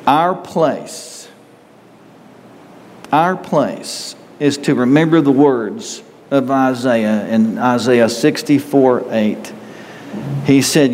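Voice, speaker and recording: Male pastor, mid-pitched, earnest sermon delivery, reverberant sanctuary sound. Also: drawn-out words, darkish tone, slight background noise. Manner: earnest, rising to emphatic reading of scripture.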